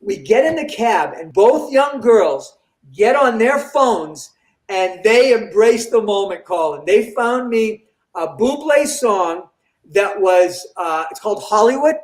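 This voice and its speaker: Older male comedian, high voice, animated storyteller acting out quotes, roomy echo. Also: takes it slowly. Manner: animated, acts out quoted dialogue. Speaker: comedian guest. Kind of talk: storytelling in an interview.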